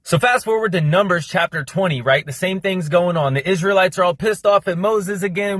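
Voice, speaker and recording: A young man explaining a Bible story in a fast, casual, slangy monologue, cramming it in with lots of energy. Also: high-pitched, fairly bright tone, dry recording, studio quality. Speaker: Christian content creator.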